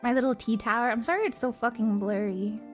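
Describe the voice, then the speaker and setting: A high-pitched young woman streams and tells stories in a casual, animated way. She laughs constantly through her words and swears freely. Soft music plays low behind her. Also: quick pace. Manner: animated, giggly storytelling with frequent swearing. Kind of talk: casual chat.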